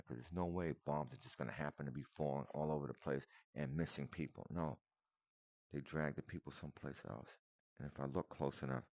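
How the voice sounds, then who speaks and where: A man's voice: rumbling low, creaky, darkish tone, no echo. A man giving casual, emotional reaction commentary on video footage, repeating himself and calling the listener "man" and "brother". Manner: emotional, repetitive, addresses viewer as man and brother.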